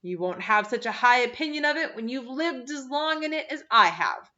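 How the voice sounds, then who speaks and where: A woman's voice: mid-range voice, expressive, moderate pace, sharp tone, muffled recording. A woman reading the part of a sour, gloomy woman of fifty-seven who talks in a scornful, clipped way.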